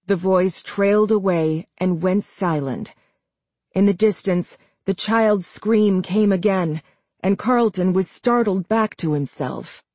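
A woman narrating a horror novel as an audiobook, reading in a slow, measured way. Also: medium pitch, warm tone, no room sound. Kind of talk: scripted narration.

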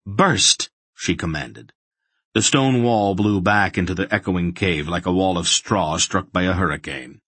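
Male narrator, very deep voice, husky, dry close sound, dramatic fantasy reading. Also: moderate pace, hardly any pauses, fairly bright tone, dry recording. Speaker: audiobook narrator.

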